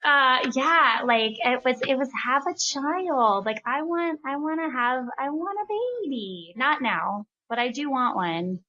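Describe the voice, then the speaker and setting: A woman in her thirties chatting as a podcast co-host, her voice bright and a touch high. She rambles with plenty of fillers and laughs easily. Her tone is loose and relaxed. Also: measured pace, hardly any pauses, highs cut off. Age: 30s. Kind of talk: casual chat.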